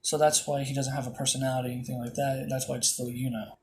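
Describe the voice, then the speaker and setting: A man's voice: mid-range voice, little pitch movement, quick pace, darkish tone, slight background noise. A man casually retelling a fan-made story, rambling with many fillers and restarts.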